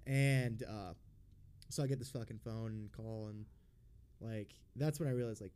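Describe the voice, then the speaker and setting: A man hosting a podcast, telling a personal story in a casual, blunt and rambling way, swearing constantly and filling pauses with ums and uhs. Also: on the low side, fairly even intonation, a little mellow, clear, resonant tone. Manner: profane, blunt and rambling, with frequent fillers. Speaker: podcast host.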